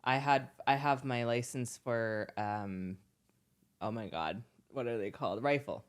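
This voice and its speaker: Host with quick, laughing reactions. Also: medium pitch, smooth. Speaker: podcast host. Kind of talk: casual chat.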